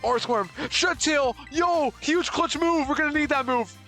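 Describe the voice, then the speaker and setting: Bright-voiced excitable male streamer. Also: very high voice, a little slow. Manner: excitable, swings from panicked exclamations to relaxed chatter with chat. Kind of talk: live gameplay commentary. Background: faint game music.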